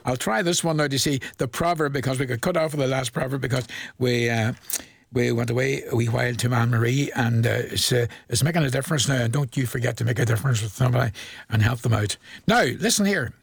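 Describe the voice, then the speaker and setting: A man's voice: mid-range voice, quick pace, creaky, breathy edge, dry recording. A middle-aged man with a Northern Irish accent presenting a chatty radio request show from a studio, reading out dedications with a jovial, chuckling manner.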